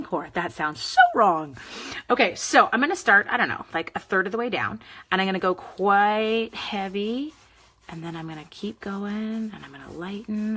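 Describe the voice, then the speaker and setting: A woman's voice: on the low side, bright, forceful tone, a little hiss or hum. A woman hosting a live card-making demo, chatting with viewers by name as she works. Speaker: crafting demonstrator.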